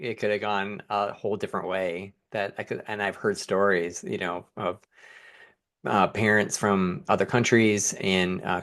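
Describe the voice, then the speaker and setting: A man's voice: low voice, fairly bright tone. A male interview host who reacts to the guest and recaps what he has said to make sure he got it right. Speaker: podcast host. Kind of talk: casual interview.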